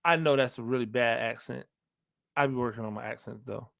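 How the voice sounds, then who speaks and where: A man's voice: medium pitch, steady tone, fairly quick, creaky, fairly bright tone. A man hosting a football talk show, talking straight to listeners with emphatic repetition and rhetorical questions. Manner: emphatic, repeats phrases for emphasis; talks to listeners directly, asks rhetorical questions. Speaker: football analyst host. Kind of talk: animated sports talk monologue.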